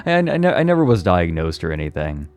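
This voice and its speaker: A man's voice: sits low, very animated, normal speed, a little mellow, soft background music. A male streamer in casual live chat, rambling with lots of fillers, swearing freely and laughing often.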